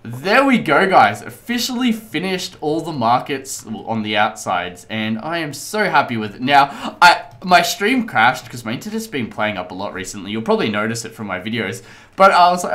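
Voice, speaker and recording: A man casually commenting on his own gameplay as host, chatty, rambling and excitable. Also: medium pitch, moderate pace. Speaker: let's play host.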